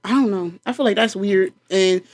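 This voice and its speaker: A woman's voice: mid-range voice, moderate pace, darkish tone. A young woman from Nigeria hosting a casual chat show, playful and joking with a lot of laughter. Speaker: host.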